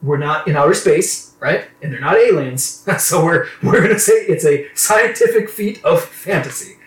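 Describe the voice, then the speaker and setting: Animated man in a roomy echo. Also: on the high side, normal speed, recorded from a distance. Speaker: podcast host. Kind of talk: casual chat.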